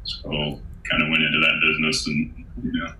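A middle-aged man, an Air Force colonel and author, talking calmly in a deep, monotone, professorial voice during an interview. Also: echoey room, a little hiss or hum, rough recording. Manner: calm, unhurried, self-described monotone professor voice. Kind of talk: casual interview talk.

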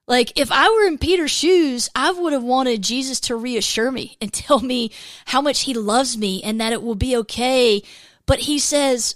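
A woman with a fairly high voice gives a casual devotional Bible teaching. She talks in a candid, chatty, self-deprecating way, with plenty of fillers and restarts. The recording sounds dry and close. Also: lively intonation, normal speed, no echo.

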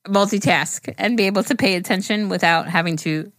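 Young female podcast co-host, casual and profane, mid pitch, dry close mic. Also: fairly quick, a bit bright, dry recording. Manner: chatty, swears freely, laughs often. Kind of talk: casual chat.

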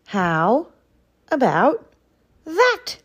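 A gruff, grumpy old badger from a storybook who can barely hear, as a woman reading aloud puts him on. His lines sit higher than a badger's would, with lively swings. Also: very slow, exaggerated voice. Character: grumpy, hard-of-hearing old male badger.

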